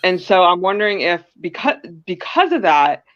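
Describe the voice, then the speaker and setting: A woman co-hosting a casual talk show, laying out her reasoning in a measured way. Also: fairly low pitch, big pitch swings. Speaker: co-host. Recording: dull lo-fi sound.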